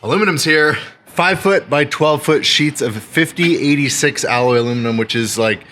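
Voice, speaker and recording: A man in his thirties hosting a casual project vlog, chatty and excitable as he thinks out loud while working on a boat. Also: fairly high pitch, moderate pace. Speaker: DIY boat restorer and channel host.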